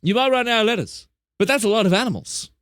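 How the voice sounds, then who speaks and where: A young man talks fast in a high, slightly bright voice on a live stream, recorded cleanly in a studio with no room sound. Chatty and rambling, he corrects himself as he spins animal stories and plays up the tall tales.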